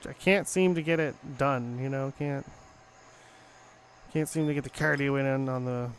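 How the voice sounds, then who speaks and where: A young gaming channel host talks through his gameplay in a casual, rambling way, leaning on fillers. He speaks at normal speed in a mid-range voice, with a little hiss or hum.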